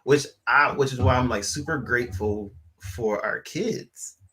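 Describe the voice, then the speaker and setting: Animated chatty man co-hosting. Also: mid-range voice, a little slow. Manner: animated, chatty, many fillers. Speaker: co-host. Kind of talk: casual chat.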